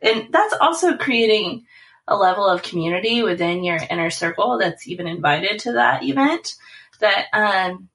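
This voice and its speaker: A woman's voice: medium pitch, animated, moderate pace, vocal fry, fairly bright tone, poor audio. A woman guest talking casually, enthusiastic and effusive, often filling with "like" and "um". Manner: enthusiastic and effusive, lots of fillers like "like" and "um". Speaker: guest, small business owner. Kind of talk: casual chat.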